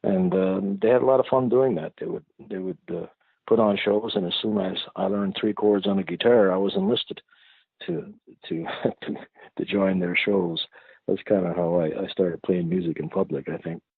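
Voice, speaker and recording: Deep husky guy from pei, thoughtful, picks his words, tinny phone-call sound. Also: no echo. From Prince Edward Island, Canada. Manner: thoughtful, unhurried, searching for words. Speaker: singer-songwriter guest. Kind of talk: reflective interview answers. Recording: tinny phone-like line, dry.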